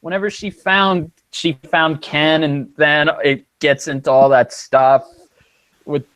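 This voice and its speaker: A podcast co-host who talks slowly in an excitable, casual way and is quick to exclaim. The recording is dry, with no room echo. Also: mid-range voice, smooth.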